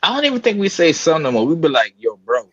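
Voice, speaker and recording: A man from New York, mid-pitched, talks in a lively, interrupting way on a casual podcast. His voice comes through a slightly dull mic in a dry room. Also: dry recording. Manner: animated, quick to cut in and joke. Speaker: podcast co-host. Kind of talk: casual group chat.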